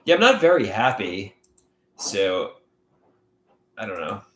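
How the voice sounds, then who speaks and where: A man livestreaming on his own, reading viewer comments aloud and talking in a halting, rambling way with many restarts. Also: fairly low pitch, sing-song, a bit bright, roomy sound. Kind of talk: casual livestream chat.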